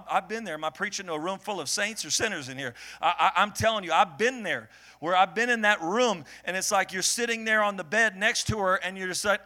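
A man preaching a sermon to a congregation, joking with the crowd and swinging from low murmurs to shouted peaks. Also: brisk, few pauses. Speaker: pastor. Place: church hall before a congregation.

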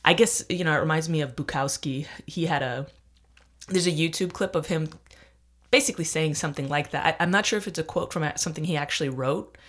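Solo podcast host and comedian, mid-pitched, rambling and profane, self-deprecating, restarts a lot. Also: fast talker, fairly bright tone. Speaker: stand-up comedian. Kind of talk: casual rambling podcast monologue.

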